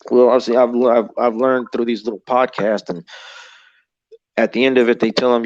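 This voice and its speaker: A man's voice: fairly low pitch, steady tone, fairly quick, dry recording. A man in his thirties, a guest telling an encounter story in a rambling, profane way and acting out other people's lines. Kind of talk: casual storytelling. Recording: dull, muffled audio.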